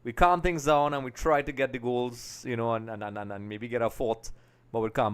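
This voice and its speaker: A man hosting a live football watch-along, chatting to viewers and getting excited at every chance. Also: medium pitch, fairly quick. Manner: chatty, keeps addressing viewers as folks, gets excited at chances. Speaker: live stream host.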